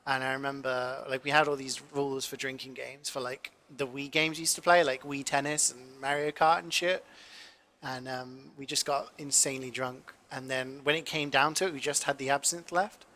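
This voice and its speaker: Guy, twenties, cooking streamer; bright, forward tone, loose rambling anecdotes full of ums and swearing. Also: mid-range voice, steady tone, normal speed. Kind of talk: casual chat while cooking.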